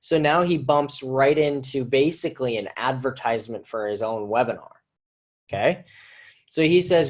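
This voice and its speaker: Man teaching copywriting in a lively tone. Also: medium pitch, moderate pace. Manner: energetic, conversational, repeats himself. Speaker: marketing teacher. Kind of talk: live online copywriting lesson.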